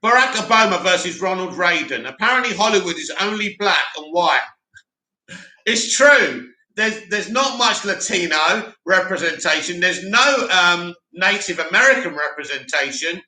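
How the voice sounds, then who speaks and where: A man hosting a live stream, reading viewer comments aloud and giving animated, opinionated replies. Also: high-pitched, normal speed. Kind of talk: casual live chat reading. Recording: roomy echo.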